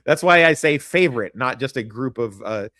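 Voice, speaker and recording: A man's voice: mid-range voice, expressive, normal speed, bright, forceful tone, dry recording, clean studio sound. A man from Kansas, hosting a crude, rambling podcast chat. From American Midwest, Kansas. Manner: profane, rambling, laughs often. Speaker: podcast host.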